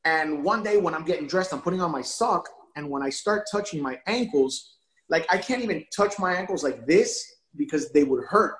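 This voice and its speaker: A man telling a personal story as an interview guest, animated and emotional, often repeating words as he restarts. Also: fairly high pitch, moderate pace, echoey room, poor audio. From Miami area. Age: adult father of a young son.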